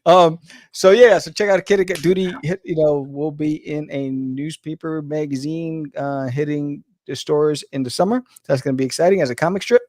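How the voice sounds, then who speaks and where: A man's voice: a little high, normal speed, a little mellow, no echo, clean studio sound. A man hosting a podcast, wrapping up the episode in a casual, upbeat way with lots of fillers. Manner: upbeat, rambling with many fillers. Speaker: podcast host.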